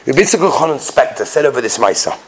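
Lively storytelling rabbi, a man. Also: medium pitch, racing, slight background noise. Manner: animated storyteller who acts out the people in his stories; repeats phrases and restarts for emphasis. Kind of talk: storytelling sermon.

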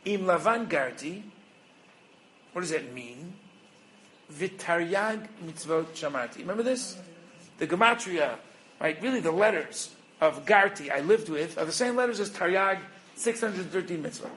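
Lively high-voiced rabbi teaching. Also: male voice, normal speed, slight background noise, rough recording. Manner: animated, asks rhetorical questions; acts out little dialogues. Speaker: rabbi and educator. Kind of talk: Torah lesson.

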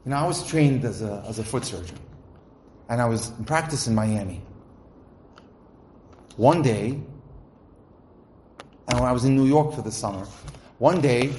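A man giving a religious inspirational talk, reading Hebrew passages and translating them line by line in a lively storytelling manner. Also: mid-range voice, measured pace, pauses often. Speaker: lecturer. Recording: echoey room with faint noise.

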